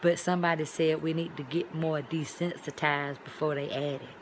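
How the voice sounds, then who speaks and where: A woman vlogger telling a story in a casual, colloquial way, with sudden loud exclamations. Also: low-pitched, fairly even intonation, normal speed, noisy background.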